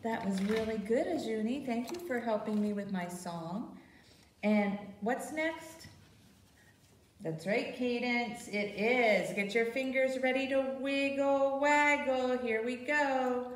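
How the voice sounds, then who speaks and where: A woman's voice: fairly high pitch, takes it slowly. A woman librarian leading a baby storytime, talking in a sing-song way and asking the little ones questions as she reads a picture book. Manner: animated, sing-song, asks babies questions. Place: library program room. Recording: roomy sound from a distance.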